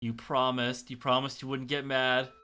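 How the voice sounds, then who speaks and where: A man's voice: medium pitch, monotone, moderate pace, sharp tone, clean tone, lightly acted. A man voicing a nervous young boy who has been caught lying and pleads with his mother.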